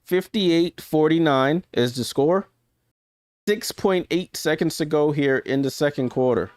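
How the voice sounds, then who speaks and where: A man's voice: on the high side, measured pace, a little mellow, no echo, clean studio sound. A man streaming live basketball commentary in a casual play-by-play manner, chatty and often correcting himself mid-sentence. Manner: chatty, corrects himself often and laughs at his own slips.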